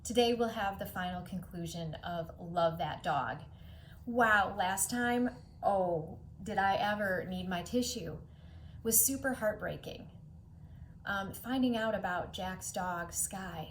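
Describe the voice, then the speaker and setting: A middle-aged woman teacher leads a read-aloud lesson for children in a voice of ordinary pitch. She speaks expressively and echoes words in rhythmic repetition. At sad passages she sinks to a hushed near-whisper. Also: slow pace, slight background noise. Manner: repeats words rhythmically, echoing the poems.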